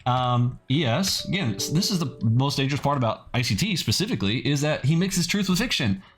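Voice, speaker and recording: A man's voice: medium pitch, big pitch swings, fairly quick, soft background music. Blunt, skeptical male trading host. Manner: blunt, skeptical, peppers talk with "okay". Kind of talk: casual video commentary.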